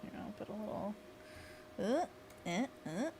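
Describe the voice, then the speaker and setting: A woman hosts a relaxed livestream, talking things through in a chatty, easygoing way. She laughs easily and walks her viewers through a stretch step by step. Her voice sits at a middle pitch, with a faint hum of room noise behind it. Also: a little slow. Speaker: livestream host. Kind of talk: casual livestream chat.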